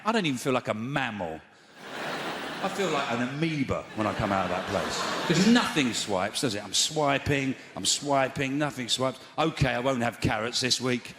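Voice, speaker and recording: A male stand-up comedian telling exasperated stories and lurching into loud, high shouts when he acts out scenes. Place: large theatre stage. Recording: roomy theatre sound with loud crowd noise.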